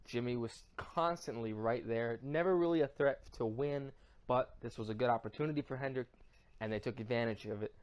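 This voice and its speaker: A man's voice: mid-range voice, fairly quick, smooth. A man hosting a casual sports podcast, joking and bantering animatedly. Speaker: host.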